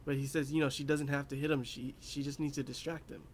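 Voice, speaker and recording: Young male anime reviewer, mid pitch, loose rambling recap with faint background noise. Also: little pitch movement, quick pace. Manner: rambling, many fillers, laughs at his own asides. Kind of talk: casual episode recap.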